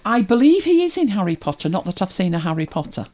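A woman's voice: medium pitch, sing-song, fast talker, darkish tone. Chatty woman with a mild Manchester accent. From England, Manchester. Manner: chatty, rambling, laughs often. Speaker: host. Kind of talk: casual chat, reading listener comments.

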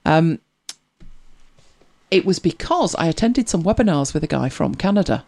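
With a creaky, darkish, mid-range voice, this tech help show host is expressive and keeps a moderate pace. The talk is casual and chatty, full of easy laughter, as they respond to viewer questions and repeat words on starting out.

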